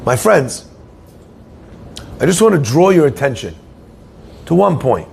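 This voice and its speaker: A man preaching as a rabbi tells a story during his sermon and poses questions to his listeners, an animated storyteller. His voice is a little high, with a measured pace, vocal fry, and a breathy edge.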